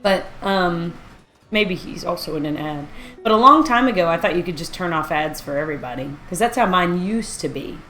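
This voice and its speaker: A woman's voice: fairly low pitch, animated, moderate pace, bright, forceful tone, faint music behind. A woman streaming a video game live, chatting casually and rambling as she reacts aloud to what she sees. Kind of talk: casual live-stream chat while playing.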